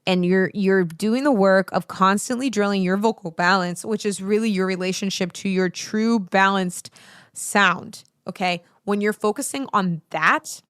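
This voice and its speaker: Woman voice coach, casual and animated, salty language, smooth clear voice, close dry mic. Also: mid-range voice, unhurried, dry recording. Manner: chatty, animated, swears freely, jumps between asides. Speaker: voice teacher and show host. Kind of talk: casual spoken lesson.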